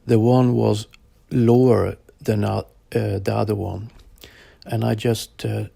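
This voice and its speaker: Slow, gravelly man recounting a vision. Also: lowish voice, flat delivery, mellow, no echo. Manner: slow, halting, searching for words. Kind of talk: personal account told to interviewer.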